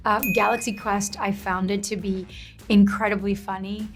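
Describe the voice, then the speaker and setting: A woman's voice: medium pitch, little pitch movement, normal speed. A woman actor in an interview, earnest and heartfelt, sometimes repeating words in her eagerness. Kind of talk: casual interview chat.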